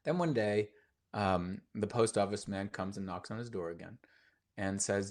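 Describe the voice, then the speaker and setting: A man speaks as a mindfulness teacher on a live stream. His delivery is loose and conversational, full of fillers, false starts and repeated words. His tone stays earnest and gently encouraging throughout. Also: lowish voice, moderate pace.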